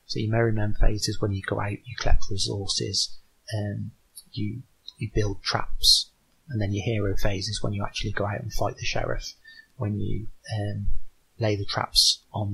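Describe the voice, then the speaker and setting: A man with a low, gravelly voice and a husky, rough edge. He talks about his board game in a loose, halting way, often starting over. The tone is that of a casual interview. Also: pushed and bright, rough recording. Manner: halting, many restarts and ums. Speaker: board game designer guest.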